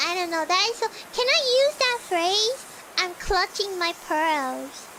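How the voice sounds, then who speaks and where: A woman streamer chatting casually with her viewers while gaming, giggly and halting, often repeating words, playfully cutesy and petulant. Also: extremely high pitch, expressive, noisy background.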